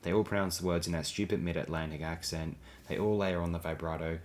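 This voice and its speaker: A man's voice: low-pitched, steady tone, fast talker. A man reading blog posts aloud as an audiobook, with a dry, sardonic delivery. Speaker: audiobook reader.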